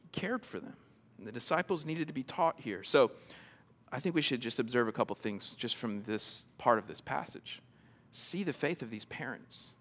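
A man preaching a sermon in a conversational, animated way, often repeating words as he starts a thought and acting out people's reactions. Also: moderate pace. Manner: animated, acts out quoted reactions in a higher voice. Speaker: pastor.

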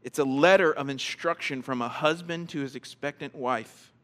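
A man preaching a sermon in a conversational, animated way, often repeating words as he starts a thought and acting out people's reactions. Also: normal speed. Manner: animated, acts out quoted reactions in a higher voice. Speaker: pastor.

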